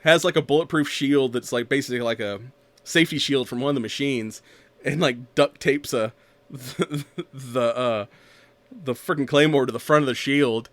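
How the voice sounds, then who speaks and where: A man chats through a movie plot on a podcast. He rambles, laughs often and slips into quoting the characters as he goes. His pitch sits in the middle range. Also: moderate pace, no room sound. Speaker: podcast co-host. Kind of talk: casual chat recapping a movie.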